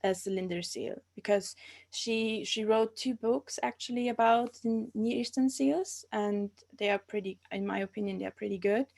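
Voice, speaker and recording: A woman in her twenties from Austria, an archaeology master's student, appears as a guest in a casual live-streamed interview. She speaks English with an Austrian German accent in a mid-range, darkish voice with vocal fry at normal speed. She's hesitant, often restarting as she hunts for words.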